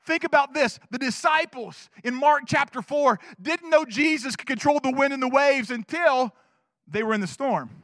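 Male pastor, very high voice, animated sermon delivery, dry close sound. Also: moderate pace, dry recording. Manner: animated, swings between loud urging and hushed asides. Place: church.

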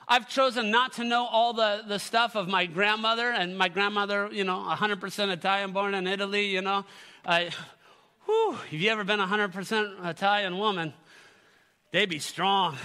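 A man's voice: high-pitched, bright, forceful tone, clean tone, big-room sound. A middle-aged man preaching a sermon to his church, earnest and calling out to the congregation. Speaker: pastor. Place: church sanctuary.

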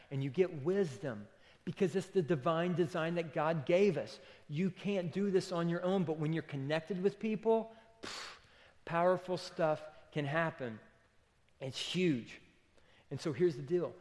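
A man preaching a sermon as pastor in a church, conversational and emphatic, often saying "okay" and "listen". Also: on the high side. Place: church auditorium. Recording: long hall reverb.

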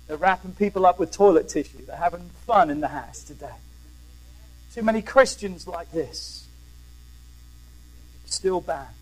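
Preacher, male, high-pitched, rousing delivery, call-and-response, slight mains hum. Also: expressive, a little slow, long pauses, darkish tone, low-quality recording. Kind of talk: sermon.

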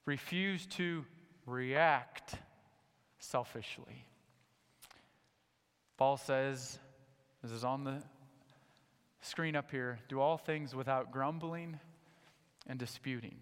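High-voiced preacher in a reverberant hall. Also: male voice, normal speed, long pauses. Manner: animated, swings between loud emphatic points and low quiet asides. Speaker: pastor. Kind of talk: sermon. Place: church sanctuary.

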